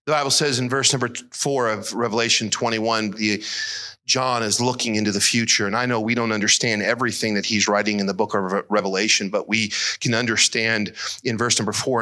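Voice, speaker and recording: Earnest preaching man, bright voice. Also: steady tone, brisk. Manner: earnest, emotional preaching that rises high when moved. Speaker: pastor. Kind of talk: sermon.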